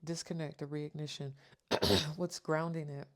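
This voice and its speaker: A tarot reader with a low, flat, measured voice gives her viewers a reading. She speaks earnestly and emotionally, reading card meanings aloud and repeating reassurances.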